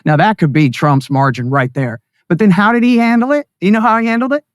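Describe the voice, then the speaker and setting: A man's voice: sits high, fast talker, no room sound. Guy ranting on a political interview, sarcastic and scornful, dry close sound. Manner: mocks others in put-on voices. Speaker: guest. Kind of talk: heated political interview talk.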